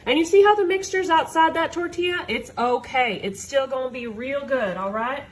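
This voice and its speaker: A woman's voice: high voice, moderate pace, poor audio. A woman demonstrating a recipe in her home kitchen, talking in a chatty, folksy way straight to her viewers. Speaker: home cook. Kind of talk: cooking demonstration.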